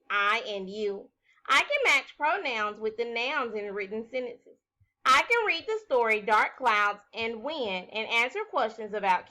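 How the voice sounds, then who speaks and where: A woman teaches a recorded phonics lesson for young children, her voice bright and a little high. She talks slowly and clearly, stretching out sounds as she sounds out words. Her pitch moves around a lot as she encourages the class.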